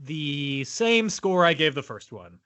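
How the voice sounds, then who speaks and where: Guy cohosting a movie podcast, bouncy pitch, bright voice, playful and teasing. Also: sing-song, slow pace, no room sound. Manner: reads trivia, playful and teasing. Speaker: podcast co-host. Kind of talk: casual chat.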